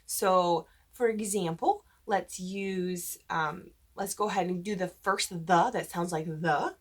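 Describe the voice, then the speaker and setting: A woman's voice: lowish voice, slow, breathy edge. A woman voice teacher explaining diction rules for church cantors and demonstrating vowel shapes. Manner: explains patiently, breaks into sung vowel examples. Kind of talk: instructional talk with sung demonstrations.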